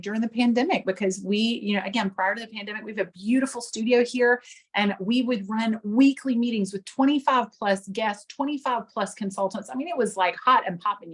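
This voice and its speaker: A middle-aged sales director gives a casual motivational talk, chatty and earnest, frequently calling her listeners "you guys." Her voice is medium-pitched with a breathy edge.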